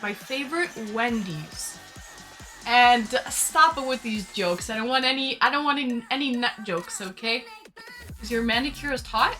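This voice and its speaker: A woman's voice: a little high, expressive, moderate pace, sharp tone. A woman live-streaming, chatting casually with her viewers, greeting them by name and laughing a lot. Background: faint background music.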